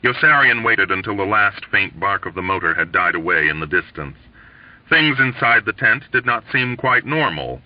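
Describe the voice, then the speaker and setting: A man reading a novel aloud as an audiobook, telling the story in an expressive, lively way. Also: on the low side, normal speed, dry recording. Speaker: audiobook reader. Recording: dull lo-fi dry recording.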